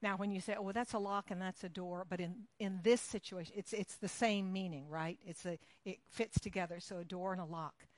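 A woman delivers a sermon, leading into her point through a long story. She talks animated and conversational, slipping into the voices of the people in it. The sound is dry and close. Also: medium pitch, fairly quick, hardly any pauses, no echo. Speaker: preacher.

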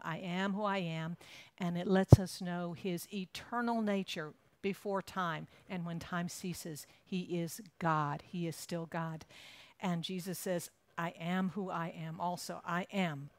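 A woman's voice: on the low side, measured pace. A woman pastor preaching a sermon in a conversational way, with easy asides to the congregation.

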